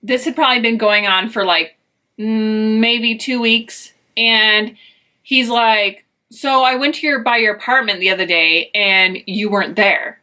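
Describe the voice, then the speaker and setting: A woman's voice: on the high side, fairly even intonation, unhurried, sharp tone. A woman from Utah telling a personal story in a chatty vlog, acting out the dialogue as she goes. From Utah, United States. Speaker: vlogger.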